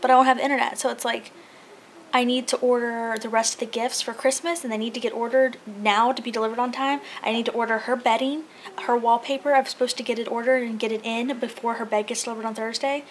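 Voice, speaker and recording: Chatty young mom vlogging at home. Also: female voice, a little high, fast, a little hiss or hum. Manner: chatty, animated storytelling with quoted voices. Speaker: family vlogger. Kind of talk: casual vlog chat. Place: house being painted, indoors.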